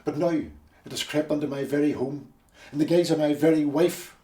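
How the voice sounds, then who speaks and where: A man's voice: a little high, moderate pace, warm tone, lightly acted. A man playing a blustering loyalist husband. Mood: ranting. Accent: Belfast. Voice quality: blustering, sarcastic. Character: staunch loyalist Belfast husband, Jimmy, dramatic and blustering. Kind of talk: film drama acting. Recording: roomy audio from a distance.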